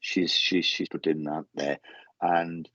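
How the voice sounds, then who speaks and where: A man giving a mediumship reading, halting and repeating his words, calling the sitter mate. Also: a bass voice, little pitch movement, sharp tone, no echo. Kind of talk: casual spoken reading. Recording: dull lo-fi sound.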